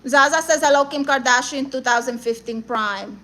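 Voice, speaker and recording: Her high voice moves at a moderate pace over slight background noise in a rough recording. The young Puerto Rican and Guatemalan woman reads viewer comments on her comedic livestream, sassy, loud and brash, exclaiming and dropping Spanish slang.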